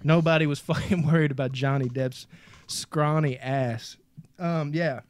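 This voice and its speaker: A man from Kentucky hosting a casual movie podcast, excitable and profane, calling everyone dude. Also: on the high side, measured pace, dry recording. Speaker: podcast host.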